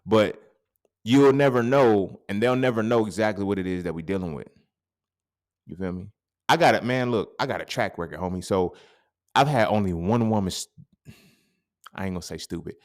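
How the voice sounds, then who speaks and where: A man in his thirties hosting a podcast, talking in a casual, profane monologue that swings into sudden loud outbursts. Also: fairly low pitch, moderate pace, pauses often. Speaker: podcast host.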